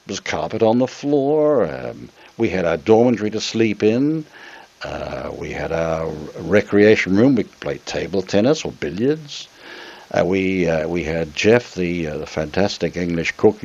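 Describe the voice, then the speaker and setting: Older man from Australia, low and muffled. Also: a little mellow. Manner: rambling, with frequent ums and restarts. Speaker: interview guest, former radio presenter. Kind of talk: reminiscing interview answers.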